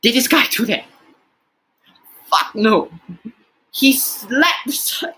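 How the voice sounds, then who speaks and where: A man giving profane, exasperated reaction commentary, swearing often and jumping in pitch. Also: lively intonation, slow pace, long pauses, pushed and bright, rough recording. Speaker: reaction video host.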